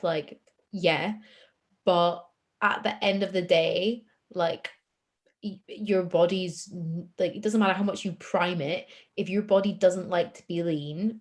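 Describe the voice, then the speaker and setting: Woman, low-ish voice, open self-deprecating chat. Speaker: podcast guest, bodybuilder. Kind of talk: casual chat.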